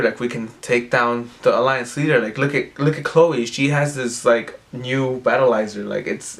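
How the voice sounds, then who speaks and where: A man's voice: mid-range voice, fairly bright tone. A man casually recapping episodes, rambling and filling his talk with "like" as he paraphrases what characters say. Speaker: recap host. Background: faint background music.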